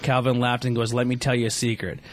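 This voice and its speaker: A man's voice: mid-range voice, flat delivery, fast. A young adult man, a podcast host, casually reading a fan story aloud on his show, stumbling often and restarting lines. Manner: stumbling read-aloud with frequent restarts and fillers.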